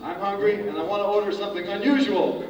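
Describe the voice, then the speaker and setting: A man performing a comedy routine, slowly and deliberately spelling out a strange room service order. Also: high-pitched, fairly even intonation. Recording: distant echoey muffled recording with music.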